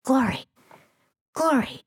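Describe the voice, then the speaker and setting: A woman's voice: medium pitch, lively intonation, normal speed, a little mellow, breathy edge, no room sound, studio quality. A woman voicing a caring female mentor bee who talks in an insistent, coaxing way. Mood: urgent.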